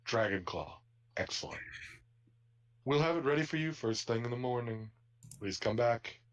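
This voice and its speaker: A man plays a warforged blacksmith, a calm and courteous robot smith at his anvil. His voice sits in a middle register and he speaks with plain shopkeeper politeness. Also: medium pitch, normal speed, muffled recording, natural voice. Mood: polite.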